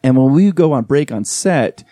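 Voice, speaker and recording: A man in his forties with a mellow, warm voice tells a story on a podcast in a relaxed, chatty way. He slips into the voices of the people in his tale as he goes. The sound is dry and close, recorded on a studio mic. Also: medium pitch, normal speed, no echo. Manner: animated storyteller who acts out quoted dialogue. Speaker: podcast guest, event emcee. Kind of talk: casual storytelling chat.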